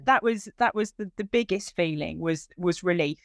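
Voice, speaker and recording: Woman telling her lost-dog story, smooth lowish voice, dry close mic, gets all emotional. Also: normal speed, no room sound. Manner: animated retelling with quoted dialogue, voice lifting when moved.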